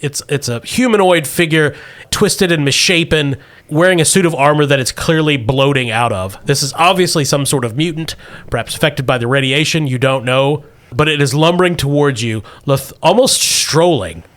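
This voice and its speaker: A man's voice: on the high side, normal speed, a bit bright. A man running a tabletop role-playing game as game master, narrating playfully and laughing often.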